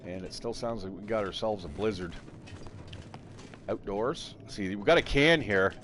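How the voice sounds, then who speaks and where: A man's voice: on the low side, a little slow, fairly bright tone, slight background noise. A man casually commentating his game live, rambling, thinking aloud and swearing freely. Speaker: game streamer.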